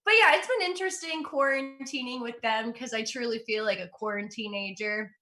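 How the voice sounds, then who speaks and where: A young woman performs a stand-up comedy set from home for an online show, standing before a green screen and using a computer mic. Her voice is fairly high and sharp, a little fast, and her humor is upbeat and self-mocking.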